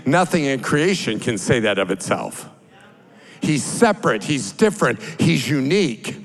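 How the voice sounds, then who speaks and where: A man preaching a sermon as pastor, building from plain explanation to loud, drawn-out cries. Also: mid-range voice, sing-song, rough recording.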